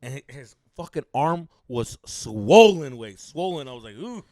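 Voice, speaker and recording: A young man hosting a podcast, telling stories in a profane, animated way, acting out voices and mixing in Spanish slang. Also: medium pitch, moderate pace. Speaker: podcast co-host. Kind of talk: casual storytelling chat.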